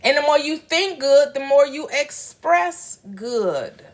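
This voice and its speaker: A woman's voice: sits high, animated, takes it slowly. Preachy woman teaching about manifestation. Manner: preachy, repetitive, call-and-response. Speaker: spiritual teacher. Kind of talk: motivational spiritual teaching.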